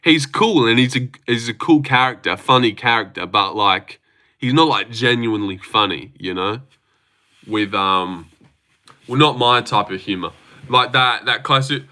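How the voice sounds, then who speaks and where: A man's voice: medium pitch, normal speed, bright, forceful tone. A man chatting casually on a livestream, rambling, swearing freely and reading out chat messages. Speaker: livestream host.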